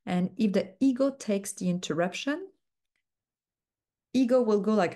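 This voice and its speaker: A woman mentor teaching a coaching technique, speaking slowly and softly with frequent fillers. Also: mid-range voice, animated. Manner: slow, soft-spoken, uses many fillers.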